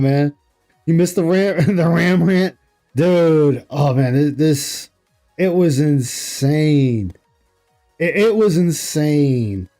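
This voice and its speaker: A man's voice: fairly high pitch, mellow. A man hosting a livestream, reacting to an interview and greeting chat, rambling and incredulous with frequent laughs. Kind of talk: casual commentary reading chat.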